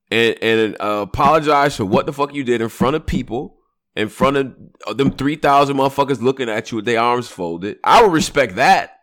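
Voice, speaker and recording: A man talking on a casual podcast with heat and emphasis. He swears freely as he makes his points, and his pitch rises and falls in a lively way. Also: fairly quick. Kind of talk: casual chat.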